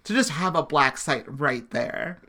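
A woman's voice: low voice, animated, a little slow, pushed and bright. A woman co-hosting a podcast, chatting casually with dry, wry remarks. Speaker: podcast co-host. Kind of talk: casual recap chat.

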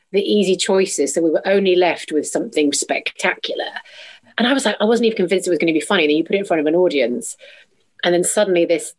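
Guest: bubbly thirties actress, lowish voice, animated storyteller who acts out quotes. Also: female voice. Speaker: musical theatre actress, guest. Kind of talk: casual interview chat.

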